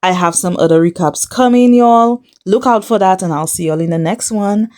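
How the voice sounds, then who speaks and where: A woman's voice: mid-range voice, moderate pace, a little mellow. A woman hosting a reality TV recap vlog, chatty and sassy, talking straight to her viewers and scolding the cast. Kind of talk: casual recap commentary to camera.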